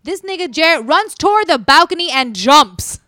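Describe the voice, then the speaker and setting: A woman's voice: sits high, moderate pace, no echo, clean studio sound. A woman telling a story casually and animatedly, acting out what people said. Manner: animated, acts out quotes. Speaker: podcast storyteller.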